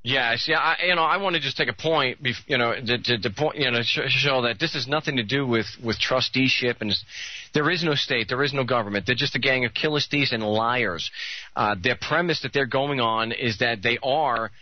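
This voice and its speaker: A man's voice: medium pitch, normal speed, dry recording, highs cut off. A man hosting a call-in radio show, speaking bluntly and often repeating words as he starts a thought.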